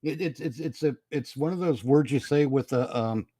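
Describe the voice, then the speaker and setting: A man cohosting a casual podcast, tossing out quick crude quips and reading listener jokes. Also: fairly high pitch, dark tone, breathy edge, no room sound, studio quality. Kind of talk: casual chat.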